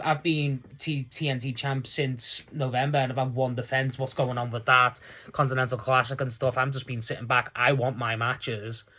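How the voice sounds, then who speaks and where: A young man with a medium-pitched voice casually recaps a wrestling show. He's excitable and rambling, laughing often as he talks.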